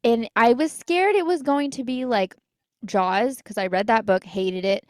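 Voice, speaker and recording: A woman's voice: a little high, measured pace, darkish tone, dry recording. Chatty young woman, dry close sound. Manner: chatty and enthusiastic, playful jabs. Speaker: podcast co-host. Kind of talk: casual chat.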